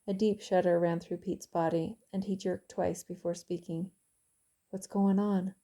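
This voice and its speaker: A woman author reading her own novel aloud in calm, even audiobook narration. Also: on the low side, moderate pace.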